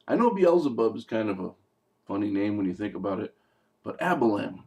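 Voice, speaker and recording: A man's voice: fairly low pitch, lively intonation, brisk, gravelly, darkish tone. A man giving a casual, rambling movie review, full of fillers, digressions and jokey asides. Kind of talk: casual film review vlog.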